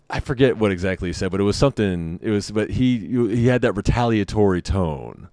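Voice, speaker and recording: A man telling a story in a casual monologue, animated, blunt and profane, and poking fun at himself. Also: on the low side, brisk, few pauses, no room sound, studio quality. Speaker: host of a parenting podcast.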